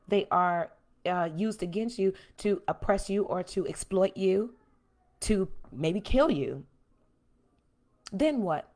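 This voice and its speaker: A woman's voice: medium pitch, gravelly. A woman hosting a livestream from home, speaking with passion and answering viewer comments. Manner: impassioned, animated, reads and answers viewer comments. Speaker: host.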